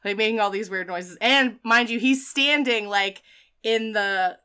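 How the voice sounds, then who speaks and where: Woman, casual chat recap; animated storyteller who swears and laughs, crisp bright tone. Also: mid-range voice, a little slow. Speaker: podcast co-host recapping a film.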